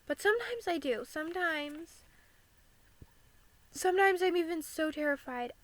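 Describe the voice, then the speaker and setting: A young American woman with a very high-pitched, animated voice speaks at an unhurried pace in a low-quality recording. She vlogs candidly and earnestly about living with anxiety, dropping "like" into her sentences often.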